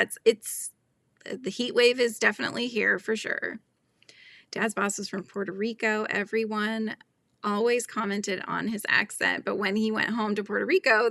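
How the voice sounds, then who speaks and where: Female host, middle-aged, casual chat, laughs a lot, crisp tense tone, some vocal fry. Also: fairly high pitch, pushed and bright, dry recording, clean studio sound. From Northern California. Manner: chatty, laughing often, reading out chat comments.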